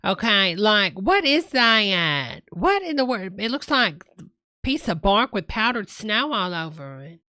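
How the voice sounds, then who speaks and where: A woman's voice: mid-range voice, very animated, sharp tone, no echo. A woman giving sassy, exclaiming comic commentary while reacting to a video. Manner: sassy, exclaiming, drawn-out remarks. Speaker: comedy host reacting to a video.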